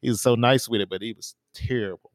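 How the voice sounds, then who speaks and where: A man co-hosting a podcast, telling stories in a relaxed, casual way with lots of fillers and restarts. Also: mid-range voice, fast, no echo, studio quality. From small town in the US. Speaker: podcast co-host. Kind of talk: casual chat.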